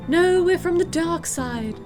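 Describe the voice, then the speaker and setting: A woman's voice: high-pitched, moderate pace, music in the background, pitched above the performer's own voice, lightly acted. A woman voicing a polite male train guard who keeps saying sir, in a game play-through. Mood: dutiful. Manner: formal, calls everyone sir.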